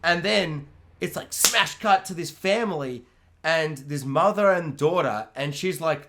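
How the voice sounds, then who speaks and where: An excitable man with a fairly high voice co-hosts a film discussion. He riffs freely, swears often and acts out scenes in quick little voices. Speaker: podcast co-host.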